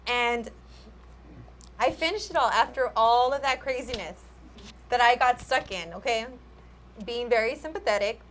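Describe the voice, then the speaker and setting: Chatty woman telling a story, higher voice. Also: moderate pace, pauses often, slight background noise. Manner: chatty, animated, peppers speech with "like", acts out dialogue. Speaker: host and makeup artist. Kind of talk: casual live-stream chat, storytelling.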